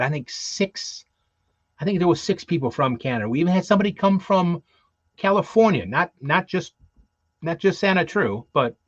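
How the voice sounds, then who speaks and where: A man's voice: medium pitch, dry recording. Male co-host, casual rambler, fillers and restarts; dull dry lo-fi recording. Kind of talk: casual show chat, previewing guests.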